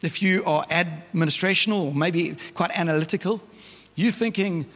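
A male pastor, preaching a lively, conversational sermon with frequent restarts. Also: a little high, normal speed. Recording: reverberant church hall.

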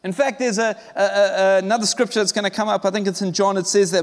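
A man's voice: high voice, steady tone, quick pace, in a large hall. A male pastor preaching a sermon, emphatic and conversational, often acting out short dialogues.

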